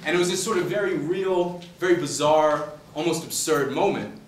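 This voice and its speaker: A man from the Boston suburbs tells a story to a class in a lively, conversational way, full of "you know" and "um". His voice sits a bit high for a man. He is picked up from across an echoey classroom, with faint room ambience behind him. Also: moderate pace, distant mic. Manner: animated, conversational, many fillers. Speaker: author speaking to a class. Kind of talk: humorous storytelling lecture. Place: university classroom.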